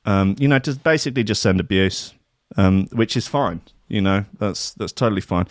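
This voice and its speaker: A man's voice: medium pitch, animated, a little slow, no room sound, clean studio sound. A man, working as a radio DJ, chatting casually and ranting sarcastically between records with plenty of swearing.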